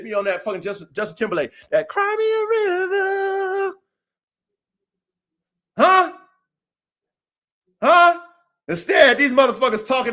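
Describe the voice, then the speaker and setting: A man's voice: extremely high pitch, sharp tone. A man hosting a dog podcast, delivering a boastful, combative, profane rant full of repetition and challenges to listeners. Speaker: podcast host, dog breeder. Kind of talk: profane ranting monologue.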